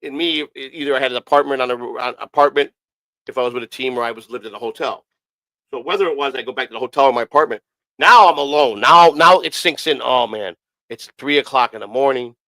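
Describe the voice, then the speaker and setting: A man's voice: mid-range voice, fast talker, bright, forceful tone, no echo, rough recording. A man casually telling rambling, profanity-heavy stories on a streamed talk show, often repeating himself. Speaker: podcast host. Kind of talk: casual storytelling.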